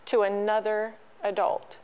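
A middle-aged woman telling a personal story as an interview guest, halting and emotional, with many restarts. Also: medium pitch, flat delivery, darkish tone, smooth, lo-fi sound. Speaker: podcast guest.

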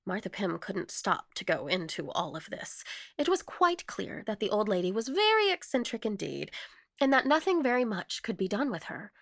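Woman narrator for an audio ghost story, lively and bright, close and dry. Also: mid-range voice, moderate pace, no echo. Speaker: story reader. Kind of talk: reading a ghost story aloud.

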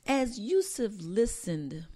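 A woman's voice: fairly high pitch, very animated, takes it slowly, very noisy. A woman co-hosting a podcast in casual chat, joking and boasting playfully with slang. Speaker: podcast co-host.

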